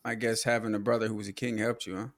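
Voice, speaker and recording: A man in a casual podcast chat who reacts to stories, talking haltingly with many fillers and restarts. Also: on the low side, level tone.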